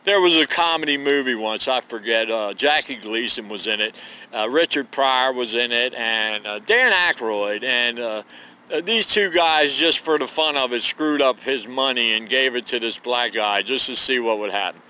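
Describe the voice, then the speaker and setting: A man's voice: mid-range voice, normal speed, sharp tone, smooth, rough recording. A man in his fifties giving a rambling, profane, folksy monologue to camera as a vlogger. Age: 50s.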